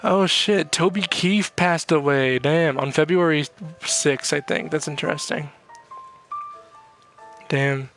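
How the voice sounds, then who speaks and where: A young man with a slightly high voice talks through a casual vlog, rambling, swearing freely and laughing at his own stories. Faint music plays underneath. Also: slow pace, long pauses, fairly bright tone. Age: young adult. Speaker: vlogger. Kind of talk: casual chat reacting to chat messages.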